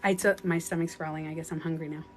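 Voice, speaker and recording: A woman's voice: low-pitched, fairly even intonation, fast. A woman hosting a casual phone livestream from home as a spiritual life coach, talking earnestly, rambling and often laughing.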